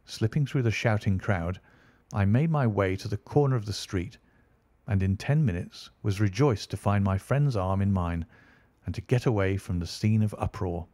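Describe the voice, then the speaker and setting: A man narrating an audiobook in a steady, measured storytelling manner. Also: lowish voice, no room sound.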